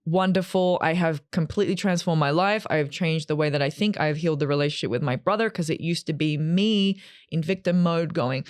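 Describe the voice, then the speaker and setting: A woman in her thirties telling a personal story to camera in a chatty, animated way, acting out what people said. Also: sits low, fast, no echo, studio quality. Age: 30s. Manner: chatty and animated, acts out quotes. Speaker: vlogger.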